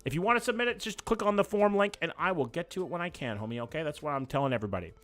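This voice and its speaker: A man, chatting casually and quickly as he reacts to places live on stream and talks to his chat. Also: a little high, animated, fairly bright tone. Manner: fast, casual, swears freely.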